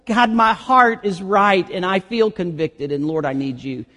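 A man's voice: high voice, animated. Impassioned preacher man in a reverberant church. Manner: reads scripture slowly, builds to loud impassioned climaxes. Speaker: pastor. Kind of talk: sermon. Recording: long reverb of a sanctuary.

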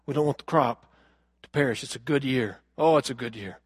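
A man preaching a sermon, telling a story earnestly and asking the congregation questions, moving from loud emphasis to hushed lines. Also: mid-range voice, brisk, slightly rough, no room sound, clean studio sound. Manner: addresses the congregation directly with questions. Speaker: pastor.

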